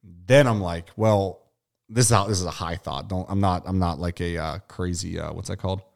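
A low-voiced young man co-hosting a podcast, rambling loosely and swearing freely. He talks the way a stoned friend does, his thoughts wandering off and breaking into laughter. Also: moderate pace, creaky. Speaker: podcast co-host. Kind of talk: casual podcast chat.

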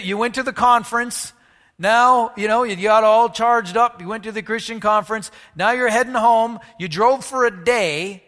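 A man preaching a sermon, animated, asking the congregation questions and moving between loud and hushed delivery. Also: sits high, in a large hall. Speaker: pastor.

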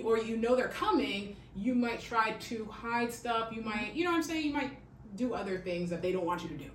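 A podcast host talks through a crime story in a chatty, conversational way, often checking in with "okay?". Her voice sits at an ordinary middle pitch. The room is echoey, she is some way from the mic, and a faint hiss runs underneath. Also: distant mic. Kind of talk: casual true-crime storytelling.

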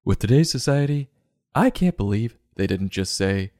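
A man hosting a sarcastic comedy book review, mocking the story and breaking into loud silly voices. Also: on the low side, expressive, moderate pace, dry recording, clean studio sound. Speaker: podcast host.

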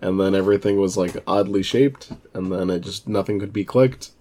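A man's voice: low-pitched, fairly quick, dark tone. A man co-hosting a podcast, dropping dry quips in casual chat. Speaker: podcast co-host.

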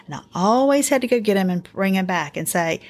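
A middle-aged woman hosting a casual faith-based parenting talk, earnest and encouraging, telling family stories in an animated way. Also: mid-range voice, a little fast. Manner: earnest, encouraging, animated storytelling with acted quotes. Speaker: podcast host.

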